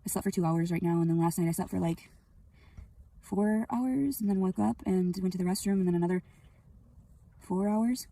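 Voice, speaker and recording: A young woman in a rambling, profane venting monologue, swinging between loud anger and quiet sadness, recorded on a phone. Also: lowish voice, moderate pace, vocal fry, long pauses, no room sound, recorded from a distance. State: sleepy.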